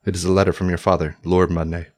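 A man's voice: low-pitched, flat delivery, quick pace, a little mellow, close to an everyday voice. A man voicing an aging, steely male servant who speaks curtly and commandingly. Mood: stern. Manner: curt, commanding. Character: aging, steely male Italian retainer, stern.

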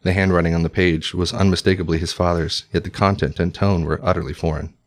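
A man narrating a historical story in a measured, formal audiobook style. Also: low voice, fairly even intonation, slight background noise.

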